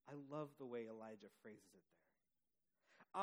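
A man preaching a sermon, telling the story with dramatic pauses and lively emphasis. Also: high-pitched, big-room sound, low-quality recording. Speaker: pastor.

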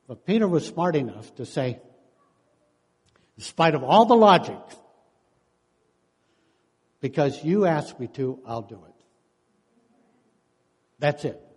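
A preacher and counselor in his sixties delivers a sermon in a high-leaning, husky voice with a darkish tone, very animated yet slow, with long pauses. He tells stories, acts out what people said, and chuckles often, all carried by a long hall reverb.

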